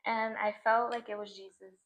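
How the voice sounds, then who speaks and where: With the high frequencies cut off, the recording captures a young woman vlogging to the camera in front of her outdoors at a scenic sunset view. Her medium-pitched, fairly bright voice is flat in delivery and normal in speed, and her casual spiritual monologue is reflective, emotional, and loaded with "like."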